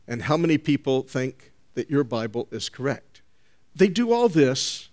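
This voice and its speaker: A man preaching a sermon to a congregation, emphatic and animated, asking the room rhetorical questions. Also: mid-range voice.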